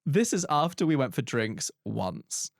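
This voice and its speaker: A man's voice: mid-range voice, big pitch swings, a little slow, creaky, dry recording, clean studio sound. A man co-hosting a comedy podcast, reading out a listener letter with camp, playful, teasing banter. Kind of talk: casual comedy podcast chat.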